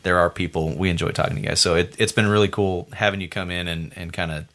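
Fast-talking low-voiced man. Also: fairly even intonation, fairly bright tone. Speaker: podcast co-host. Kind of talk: casual podcast chat.

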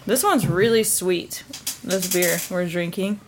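A woman co-hosting a casual podcast, chatty and animated when she tells stories. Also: lowish voice, takes it slowly, slight background noise. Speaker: podcast co-host. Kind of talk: casual chat.

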